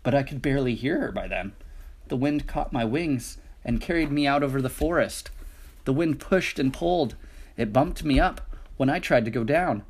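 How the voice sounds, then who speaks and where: A man's voice: medium pitch, lively intonation, normal speed, breathy edge. A man reading picture books aloud with a rhythmic, playful delivery. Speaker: storybook reader.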